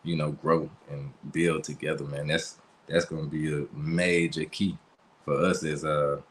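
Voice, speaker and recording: A man with a very low, deep voice talks. He hosts a casual commentary vlog, loose and conversational, with slang and plenty of fillers. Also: flat delivery, unhurried, slight background noise. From United States. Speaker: channel host.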